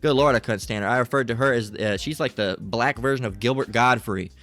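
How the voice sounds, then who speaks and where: A man's voice: mid-range voice, fairly quick, fairly bright tone, soft background music. A middle-aged man in a crude, profane, rambling commentary, reading text aloud and asking "right?" a lot. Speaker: channel host.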